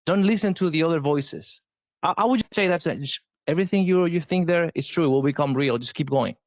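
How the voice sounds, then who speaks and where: A man's voice: on the high side, brisk, no echo, muffled recording. A man with a Spanish accent, a guest giving advice in a casual interview, emphatic and often repeating words as he restarts. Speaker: sales guest.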